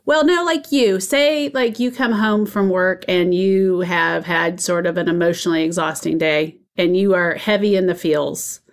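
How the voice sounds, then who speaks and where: A woman's voice: fairly low pitch, normal speed, hardly any pauses. A woman co-hosting a casual podcast, thoughtful and reflective, asking probing questions about emotions.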